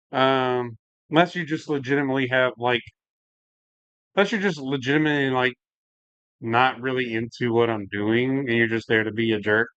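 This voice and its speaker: A man's voice: mid-range voice, moderate pace, a bit bright, smooth, dry recording, highs cut off. A man hosting a home brewing livestream, chatting casually and rambling, saying "like" and "man" a lot while he works and answers the chat. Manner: laid-back, rambling, says "like" and "man" a lot.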